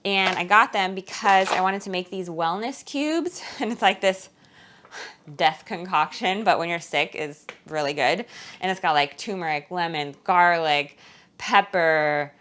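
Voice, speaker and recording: A frugal-living vlogger talks casually to her viewers while working in her home kitchen, rambling, laughing between phrases, and leaning heavily on "like" and "um." Her voice is fairly low, a bit bright, and unhurried.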